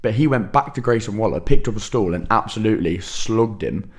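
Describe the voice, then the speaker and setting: A man co-hosting a podcast, telling animated stories in casual chat and swearing freely. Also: on the low side, a little fast. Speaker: podcast co-host.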